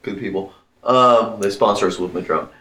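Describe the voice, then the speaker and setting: A man's voice: fairly low pitch, moderate pace, fairly bright tone, reverberant. A man co-hosting a podcast, telling a long casual anecdote with lots of "uh" and "like". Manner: rambling anecdotes with many fillers. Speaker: podcast co-host. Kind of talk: casual chat, storytelling.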